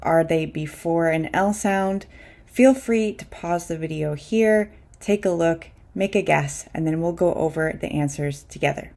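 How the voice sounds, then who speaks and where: A woman teaching English pronunciation, repeating example words clearly and deliberately. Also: low-pitched, a little mellow. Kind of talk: scripted pronunciation lesson.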